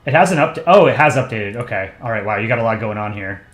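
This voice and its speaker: A man hosting a casual drawing livestream, chatty and relaxed, thinking aloud as he works. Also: fairly low pitch, quick pace, roomy sound, faint music behind. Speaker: streamer and comic artist.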